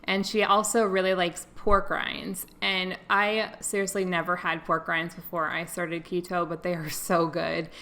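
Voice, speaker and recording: A woman's voice: on the low side, flat delivery, measured pace, few pauses, pushed and bright. A young adult woman giving a casual, earnest and emotional to-camera update as a vlogger.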